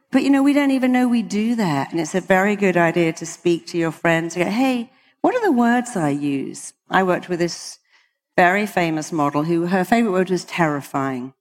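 British woman, hypnotherapist, lowish voice, emphatic motivational talk, long hall reverb. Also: normal speed. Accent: British English. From Britain. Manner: emphatic, quotes people in mock voices. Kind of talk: motivational talk to a live audience.

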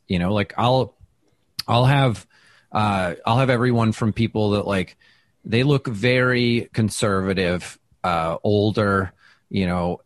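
A man who does stand-up, telling stories in a casual interview, chatty and self-deprecating, with lots of fillers and restarts, and he acts out quoted lines with big jumps in pitch. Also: no room sound, studio quality. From Wisconsin. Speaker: stand-up comedian, guest. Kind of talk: casual interview talk, storytelling.

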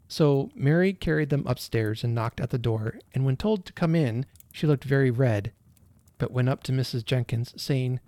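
A man narrating a classic holiday story in a gentle, expressive storytelling manner. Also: medium pitch, normal speed, no room sound.

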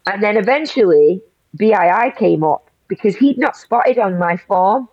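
A woman's voice: medium pitch, expressive, moderate pace, darkish tone, dry recording. A woman, a guest in an interview, telling a personal story in an emotional rush full of restarts. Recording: dull lo-fi audio.

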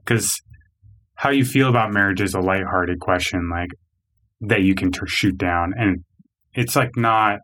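A man co-hosting a podcast, giving his opinions in casual chat, measured and hedging with "I mean.". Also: deep voice, fairly bright tone. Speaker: podcast co-host.

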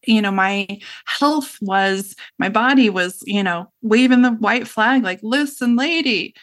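A woman's voice: mid-range voice, unhurried, fairly bright tone. A middle-aged woman, a guest in an interview, telling a personal story in an earnest, reflective way, with frequent fillers like "you know" and "like".

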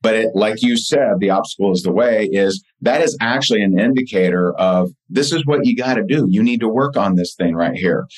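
Earnest low-voiced man telling stories. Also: a little fast, few pauses, low-quality recording. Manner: earnest, with frequent fillers and restarts. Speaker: podcast guest and author. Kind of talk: casual interview storytelling.

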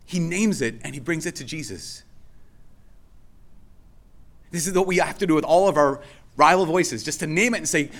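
A man's voice: fairly high pitch, moderate pace, pauses often. A male pastor preaching a sermon in a conversational way, often restarting and repeating phrases for emphasis.

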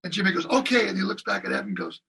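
A man with a high, very husky voice tells animated stories, swooping all over his range. He acts out other people's lines and sings drum beats as he goes. He sounds set back from the mic. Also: very fast, distant mic, poor audio. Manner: lively anecdotes with voiced impressions and drum sounds. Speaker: guest drummer. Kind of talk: animated storytelling in an interview.

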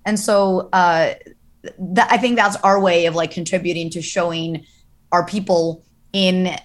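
An American woman voice actor talking casually on a panel, chatty and animated, full of "like" and "you know". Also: lowish voice, measured pace. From United States.

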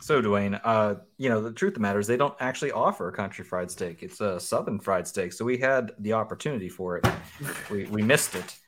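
Man, mid pitch, thinking-aloud reviewer, light chuckles, casual. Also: brisk, fairly bright tone. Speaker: food reviewer.

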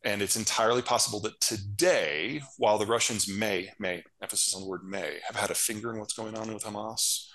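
A man's voice: on the low side, brisk, hardly any pauses, bright, forceful tone, rough recording. A man, a geopolitical strategist being interviewed, explaining world affairs in a blunt, emphatic, matter-of-fact way. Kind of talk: casual analytical interview talk.

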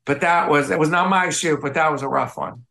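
On the high side and gravelly, this man's voice moves briskly. A photographer and author from the Midwestern United States, he's an interview guest spinning casual, animated anecdotes and performing the voices of those he quotes.

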